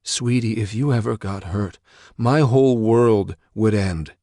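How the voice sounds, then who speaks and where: A man's voice: lowish voice, measured pace, warm tone, dry recording, clean studio sound, voice pushed up. A man voicing an anxious, protective father who pleads and defends himself. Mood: defensive.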